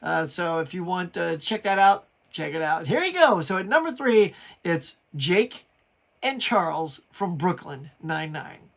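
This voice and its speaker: A man's voice: high-pitched, very animated, a little slow, gravelly. A middle-aged man hosting his pop culture channel, talking in a chatty, enthusiastic way with frequent restarts. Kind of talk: casual video review.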